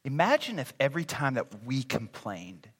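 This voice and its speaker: A man preaching a sermon as pastor, animated and acting out grumbling voices. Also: medium pitch, normal speed, husky. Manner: animated, acts out complaining voices. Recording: reverberant hall.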